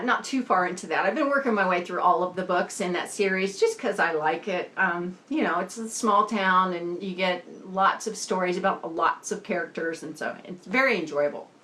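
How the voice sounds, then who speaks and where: A BookTube host from Indiana chats animatedly about books, laughing often, though she sounds tired and talks around a new retainer. Her voice is mid-range with a fairly bright tone.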